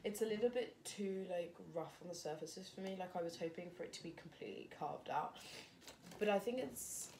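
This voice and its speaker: A woman's voice: fairly low pitch, a little fast, a little mellow, a little hiss or hum. A young woman, a fashion design student, chatting casually and thinking aloud while she works on a project, often poking fun at herself. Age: young adult. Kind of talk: casual vlog narration while crafting.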